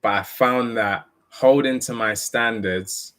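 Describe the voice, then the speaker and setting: A man's voice: medium pitch, fairly even intonation, slow, fairly bright tone. A young man telling a personal story in an earnest, candid way, often repeating and restarting his phrases. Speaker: motivational speaker.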